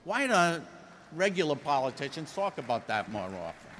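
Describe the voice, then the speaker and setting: A man's voice: on the high side, big pitch swings, normal speed, fairly bright tone, long reverb tail, a little hiss or hum. A man with a Rhode Island accent giving a folksy, emphatic convention speech as a union leader, joking with the audience.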